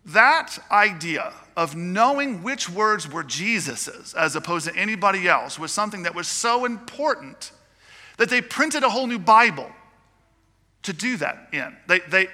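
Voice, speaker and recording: Male pastor, high and very bright tone, chatty joking sermon, long church reverb. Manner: chatty, with joking asides to the congregation. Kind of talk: conversational sermon.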